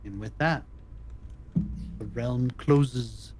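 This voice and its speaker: A man narrating a tabletop role-playing game as dungeon master, calmly describing the scene over an online voice call. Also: mid-range voice, very slow, slight background noise.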